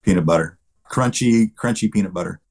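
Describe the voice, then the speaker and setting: Brief: middle-aged male guest actor, husky low voice, easygoing anecdotal chat. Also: brisk, darkish tone. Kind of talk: casual interview chat.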